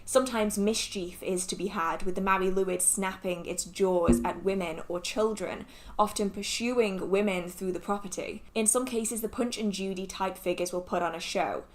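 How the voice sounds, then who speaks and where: A woman narrating a folklore video in a steady, explanatory way. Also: medium pitch, moderate pace. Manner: steady, explanatory, apologetic about pronunciation. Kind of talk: scripted narration.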